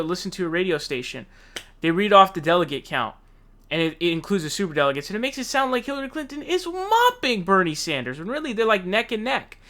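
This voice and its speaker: A man's voice: high voice, pushed and bright. A man hosting a political commentary show, ranting casually in a heated, profane, slangy way.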